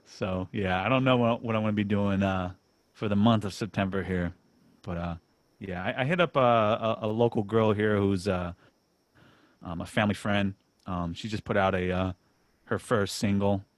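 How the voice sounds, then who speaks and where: A relaxed man hosting a casual podcast, his voice sitting low and recorded dry and close. He is self-deprecating and quick to laugh, often restarting his sentences as he talks things through. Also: no room sound. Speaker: podcast host. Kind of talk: casual chat.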